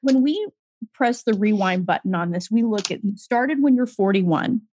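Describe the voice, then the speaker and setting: A woman's voice: mid-range voice, lively intonation, moderate pace, a little mellow, dull audio, slight background noise. A woman hosting an interview, reacting effusively and recapping her guest's story. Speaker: podcast host. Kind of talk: conversational interview.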